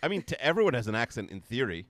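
Fast, lively middle-aged man. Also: mid-range voice, no room sound. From United States. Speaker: podcast co-host. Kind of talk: casual chat.

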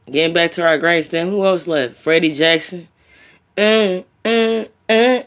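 A man's voice: on the high side, a little slow, fairly bright tone. A young man hosting a solo podcast in a loose, profane, rambling way, talking straight at his listeners and ending lines with slang tags like bro and my friend. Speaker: podcast host. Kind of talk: casual solo podcast rant.

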